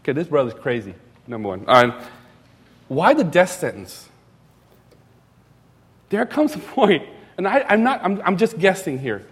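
A young adult man giving a sermon as a pastor, conversational and animated, with casual asides and repeated phrases. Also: fairly high pitch, measured pace, long pauses, breathy edge. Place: church sanctuary. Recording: reverberant church hall.

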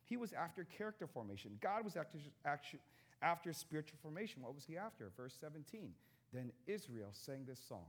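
Animated male pastor preaching casually. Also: a little high, brisk. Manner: conversational, joking with the congregation. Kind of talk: sermon.

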